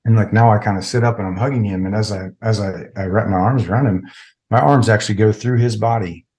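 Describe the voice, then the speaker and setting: Low-voiced middle-aged man telling a story. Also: quick pace, darkish tone. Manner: rambling, heavy with filler words. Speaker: podcast guest, military veteran. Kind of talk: casual interview storytelling.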